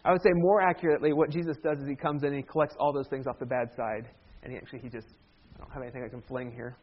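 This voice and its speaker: A man's voice: mid-range voice, steady tone, rapid-fire, husky, muffled recording. A man preaching a sermon as a pastor, talking in a conversational way with humorous asides.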